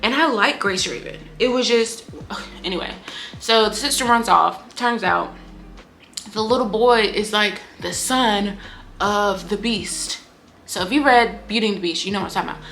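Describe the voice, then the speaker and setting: A woman's voice: medium pitch, normal speed, a little hiss or hum. Candid, profane woman reviewing books. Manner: animated, candid and profane, acts out quotes. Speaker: book reviewer. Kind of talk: casual book review vlog.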